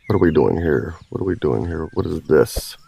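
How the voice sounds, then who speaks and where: A man's voice: very deep voice, lively intonation, fairly quick, vocal fry, mellow, slightly rough. A man hosting a gaming channel, giving goofy, crude gameplay commentary and slipping into silly voices. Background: game music and sounds.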